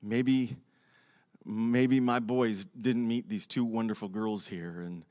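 A man's voice: fairly low pitch, steady tone, takes it slowly, a little mellow. An older man, a pastor preaching a sermon, tells a personal story with animation, acting out both sides of a conversation and laughing along the way.

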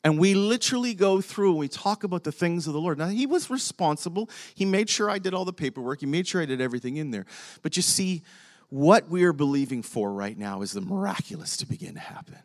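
In a high, animated voice and at a quick pace, an older pastor delivers a sermon built around a personal story, acting out each person in the exchange and laughing along.

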